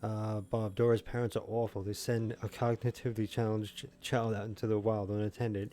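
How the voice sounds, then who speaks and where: A man in his thirties chatting casually and rambling with jokes while he live-streams a game, now and then breaking into loud mocking shouts. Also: fairly low pitch, level tone, brisk, hardly any pauses. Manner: rambling, jokey, shouts in bursts when mocking. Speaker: gaming streamer. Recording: game gunfire audible in background. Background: game gunfire and explosions.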